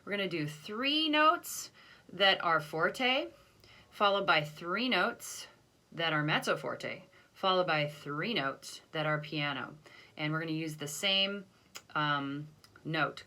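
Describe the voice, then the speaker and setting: A woman's voice: low-pitched, animated, unhurried, bright, forceful tone. A woman band teacher recording a video lesson, counting off beats and explaining patiently with self-deprecating asides.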